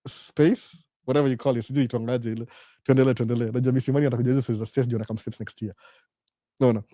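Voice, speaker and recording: A man's voice: mid-range voice, dark tone, dry recording, studio quality. A middle-aged Kenyan man with a Kenyan accent hosting a casual live Q&A stream, rambling through stories and acting out the voices of the people he quotes. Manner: rambling storyteller, acts out quoted voices, often adds "by the way". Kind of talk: casual live-stream chat mixing Swahili, Sheng and English.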